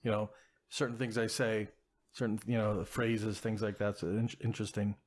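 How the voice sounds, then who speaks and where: A man from the Philadelphia area co-hosting a podcast, measured and prone to stammering repeats. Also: lowish voice, little pitch movement. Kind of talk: casual podcast chat.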